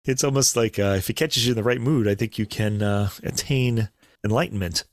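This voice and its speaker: Man, low voice, relaxed podcast chat, dry close sound. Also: brisk, no echo. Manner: relaxed, chatty, with fillers and asides. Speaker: podcast co-host. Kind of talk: casual chat about classical recordings.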